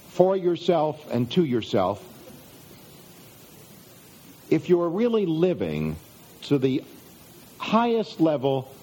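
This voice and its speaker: A middle-aged man giving a motivational self-help talk, speaking in measured phrases that draw out key words and trail down at the ends. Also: on the high side, dark tone.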